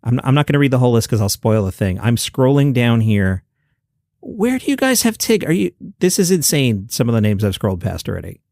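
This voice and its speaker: A man's voice: medium pitch, lively intonation, fast, gravelly, few pauses, mellow, dry recording. A man talking through the day's comedy headlines in a loose, chatty way. He sits at a table by his laptop, and the sound is dry and close with no room around it. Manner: chatty, conversational retelling of stories. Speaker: podcast host. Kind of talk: comedy news podcast, casual solo talk. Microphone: desk mic next to a laptop.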